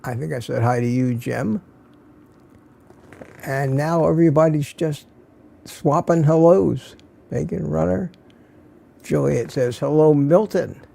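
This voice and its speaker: An older male host with a slightly higher voice than most men, roughened by a gravelly edge. His tone is dark and mellow as he greets his regulars one by one in an easygoing, folksy livestream chat. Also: takes it slowly, pauses often. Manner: reads viewer names and comments aloud, folksy.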